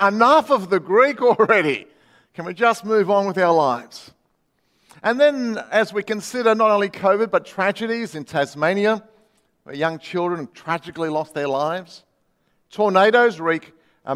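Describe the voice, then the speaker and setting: A man's voice: sits high, a bit bright, in a large hall. A man preaching a sermon as pastor, earnestly telling a story and reading quoted voices aloud.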